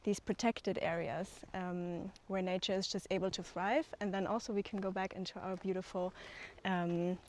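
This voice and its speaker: A woman's voice: medium pitch, steady tone, moderate pace, few pauses, darkish tone, slight background noise. A woman co-founder giving an outdoor walking tour, talking with enthusiasm and many fillers. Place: outdoors on hillside land.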